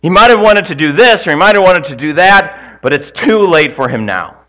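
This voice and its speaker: A man acting out a fiery male funeral preacher who loudly and insistently warns the mourners. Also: fairly high pitch, expressive, a little fast, pitched above the performer's own voice. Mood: urgent. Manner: loud, pleading, insistent.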